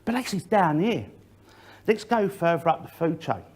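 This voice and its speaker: Middle-aged man, safety speaker, talks straight to the room with varied emphasis, slightly raised pitch. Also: big pitch swings, moderate pace, darkish tone, slightly rough. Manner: direct, addresses the audience, varies emphasis. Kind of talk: public talk to an audience.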